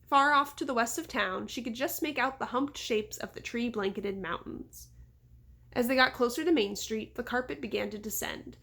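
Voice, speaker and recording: A woman reading a children's novel aloud in a relaxed, homemade style with small slips and asides. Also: fairly high pitch. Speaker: audiobook reader. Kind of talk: casual storybook read-aloud.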